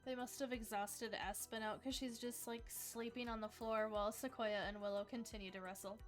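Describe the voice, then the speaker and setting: A woman's voice: a little high, steady tone, moderate pace, soft background music. A young woman hosting a casual livestream trivia game, chatty and upbeat, dropping "like" often as she talks to viewers.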